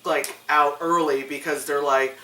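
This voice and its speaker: A woman in casual chat reviewing a movie, talking fast and loose with swearing and acted-out quotes. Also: low voice, a little hiss or hum. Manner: animated, profane, acts out quotes in exaggerated voices. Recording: roomy sound from a distant mic.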